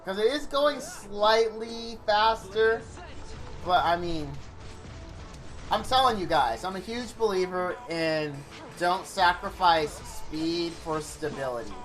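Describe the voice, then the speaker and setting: A man live-streaming a game, rambling excitably and thanking viewers in chat by name. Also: sits high, slow. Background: faint game music.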